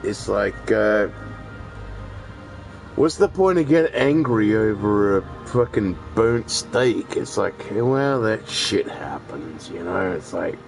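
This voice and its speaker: A man's voice: on the low side, animated, slow, gravelly, faint music behind, low-quality recording. A man, chatting casually and rambling while he plays a video game, swearing freely and often restarting his sentences. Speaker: gaming streamer. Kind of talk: casual chat while gaming.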